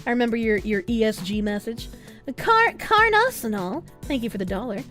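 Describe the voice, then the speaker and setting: A woman's voice: on the high side, animated, normal speed, fairly bright tone, soft background music. A woman livestreamer chatting casually and thanking viewers for donations, crude and joking, swearing freely. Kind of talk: casual stream chat, reading out donations.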